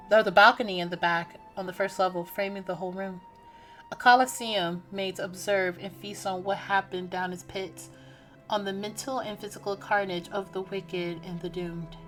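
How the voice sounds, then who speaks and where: A woman streamer reads a story game aloud in first person. Her voice is bright and forward, at a middle pitch. She is lively, often cutting herself off with startled exclamations. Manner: animated, breaks off with startled exclamations. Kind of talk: reading a game's text aloud.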